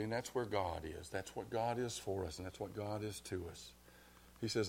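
A man preaching a sermon as pastor, his delivery swelling from hushed to loud. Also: on the low side, moderate pace, vocal fry, a little hiss or hum.

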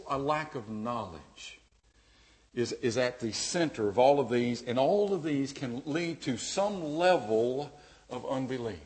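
A man preaching a sermon as pastor, dynamic, dropping to a hush and then rising loud and emphatic. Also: medium pitch.

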